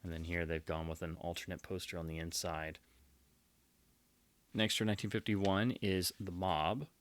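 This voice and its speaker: A man giving casual unboxing commentary as a collector, enthusiastic and quick to heap on superlatives. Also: low voice, steady tone. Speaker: collector presenting his purchases.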